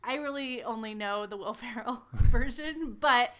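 A woman with a slightly high voice co-hosts a casual podcast. She asks questions in a teasing way and giggles easily. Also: measured pace, a bit bright, smooth. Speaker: podcast co-host.

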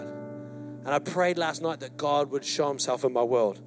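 A male pastor delivers a sermon in a storytelling way, slipping into the voices of the people in his anecdote. His voice sits a little high for a man. Faint instrumental music plays softly behind him. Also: measured pace. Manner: animated storyteller, acts out quotes, addresses congregation. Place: church hall.

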